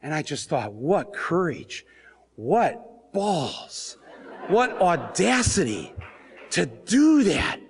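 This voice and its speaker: A man, an author and filmmaker, telling comic stories to a live audience in an animated, joking way, acting out the scenes. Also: on the high side, very slow, breathy edge. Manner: animated, joking, acts out scenes and voices, often breaks into laughter. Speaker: author and filmmaker giving a talk. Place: stage at a book fair.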